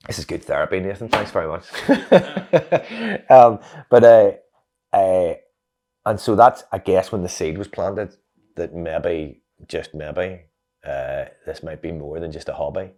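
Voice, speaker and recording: A Northern Irish man, an interview guest, telling a personal story in a reflective, animated way with many fillers. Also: low-pitched, unhurried. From Northern Ireland.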